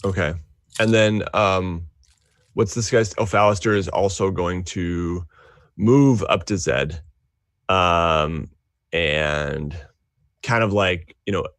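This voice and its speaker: A man's voice: sits low, takes it slowly, pauses often, a bit bright, no echo, clean studio sound. A man playing a tabletop game, laid-back and a bit hesitant. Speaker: player.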